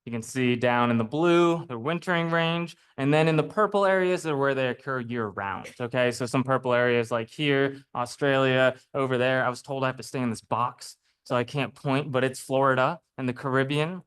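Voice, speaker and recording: Naturalist guy lecturing a room, clear and resonant voice, easygoing and chatty. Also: medium pitch, moderate pace, hardly any pauses. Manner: chatty, lively explainer with frequent "right?" and "okay?". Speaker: naturalist speaker. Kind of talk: public lecture with slides. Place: lecture room before a live audience.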